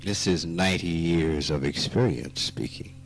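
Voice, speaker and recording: Speaking in a low voice with a Southern drawl, a Mississippi-born spiritual teacher delivers a dharma talk slowly and emphatically, teasing the audience before breaking into animated outbursts. Faint music can be heard on this archive recording of the talk.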